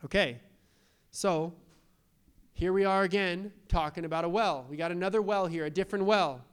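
A young adult man preaching a sermon as pastor, animated, repeating rhetorical questions and acting out quoted voices. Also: high-pitched, fast, clear, resonant tone.

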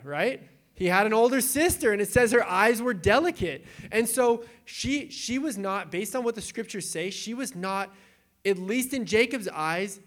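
Animated young man preaching casually. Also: high-pitched. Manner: animated storytelling with acted quotes. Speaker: pastor. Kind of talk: casual sermon retelling scripture.

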